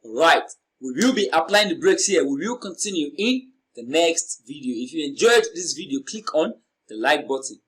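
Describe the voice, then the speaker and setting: Slow, deliberate male exam tutor. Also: a little high, big pitch swings, fairly bright tone, breathy edge, rough recording. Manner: slow, deliberate, repeats and stretches stressed syllables.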